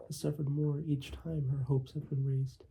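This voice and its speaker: A man's voice: on the high side, flat delivery, normal speed, vocal fry, dark tone, poor audio. A man voicing a stern, grieving older father who speaks formally. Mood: grave. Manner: grave, formal pleading.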